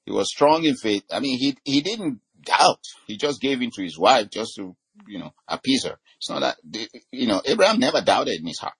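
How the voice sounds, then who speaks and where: A man preaching a sermon, quoting scripture and filling his talk with "you know", slowing down to stress key words. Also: medium pitch, sing-song, fairly bright tone, breathy edge. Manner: teaching with many "you know" fillers and scripture quotes.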